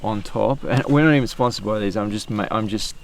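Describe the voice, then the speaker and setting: A man's voice: on the low side, brisk, creaky, a little hiss or hum. An Australian man hosting an outdoor podcast, chatting casually and rambling with fillers and restarts. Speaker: podcast host.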